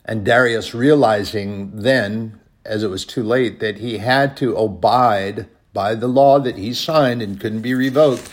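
A man preaching a sermon, retelling a Bible story and reading scripture aloud, rising to loud bursts and dropping to quiet, slow lines. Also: on the low side. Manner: reads scripture in old-fashioned phrasing.

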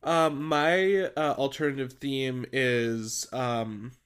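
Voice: mid-range voice, takes it slowly, clean tone. A podcast co-host in their twenties on a video call, dry and sarcastic while recapping a TV episode. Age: 20s. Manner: dry, sarcastic, deadpan jokes. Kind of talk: casual chat recapping a TV episode.

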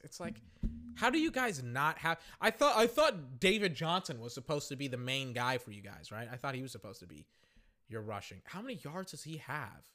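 A young man hosting a casual podcast, giving play-by-play commentary on a game with slangy, excitable reactions, his voice going hoarse. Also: mid-range voice. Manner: excitable, shouting at big plays, slangy. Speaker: podcast host.

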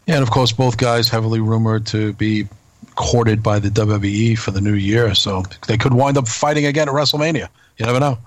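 A man's voice: lowish voice, a little fast, dry recording. A man co-hosting a casual wrestling chat podcast, hesitant, with many restarts and fillers. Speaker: podcast co-host.

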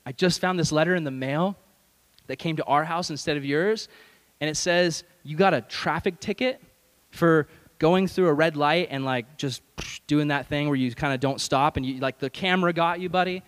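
A man playing a middle-aged father, chatty and matter-of-fact as he passes on bad news, in a voice just a touch higher than most men's. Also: normal speed, big-room sound, lightly acted. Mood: concerned.

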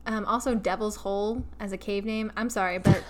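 Animated woman telling a playful story. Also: medium pitch, fairly quick, heavy background noise. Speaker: podcast co-host. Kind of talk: casual podcast chat.

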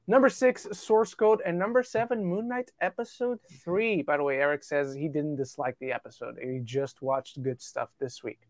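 A man from the UK hosting a casual podcast, reading out listener rankings with quick jokey asides. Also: high voice, fairly bright tone, no echo. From United Kingdom. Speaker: podcast host.

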